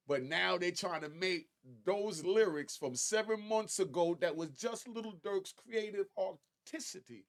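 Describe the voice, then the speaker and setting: A man hosts a casual talk commentary with a fairly high voice. He talks straight to his audience in a loose, conversational way. On key points he gets animated and his pitch climbs sharply. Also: a little slow, few pauses. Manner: conversational, addresses viewers directly. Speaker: commentary host.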